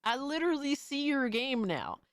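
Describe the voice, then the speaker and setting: A young adult woman streamer doing profane, excitable reaction commentary, often shrieking in disbelief. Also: high-pitched, normal speed, a crowd in the background.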